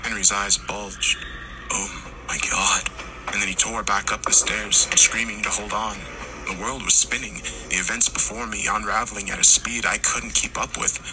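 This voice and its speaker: A man narrating a horror story, acting out the characters' lines and rising to shouts in tense moments. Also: fairly low pitch, little pitch movement, normal speed, low-quality recording. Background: music.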